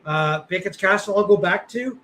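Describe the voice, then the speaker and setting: A man's voice: high-pitched, normal speed, fairly bright tone, slight background noise, low-quality recording. A man co-hosting a podcast, chatting casually in a rambling, blunt way with lots of fillers and the odd curse. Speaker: podcast co-host.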